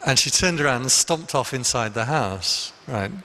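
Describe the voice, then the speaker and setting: A man's voice: medium pitch, lively intonation, normal speed, pushed and bright. A man, a Buddhist monk, giving a conversational dharma talk full of anecdotes in a meditation hall. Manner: conversational, anecdotal, with frequent restarts.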